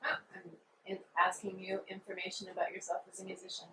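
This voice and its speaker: Soft-asking woman interviewer, far from mic. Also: mid-range voice, monotone, fast. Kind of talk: interview questions. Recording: distant and echoey with faint background noise.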